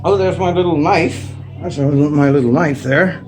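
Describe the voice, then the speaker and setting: Middle-aged Canadian man, slightly higher voice, loose rambling vlog chat. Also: normal speed, darkish tone, soft background music. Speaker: vlogger. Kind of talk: casual unscripted chat to camera. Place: indoors at home. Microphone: phone propped up facing him.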